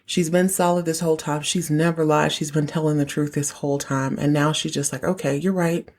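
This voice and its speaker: A woman hosts a casual recap podcast, her voice sitting a little low. She talks in a chatty way and drops playful asides into the story. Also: level tone, brisk, a little mellow. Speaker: podcast host.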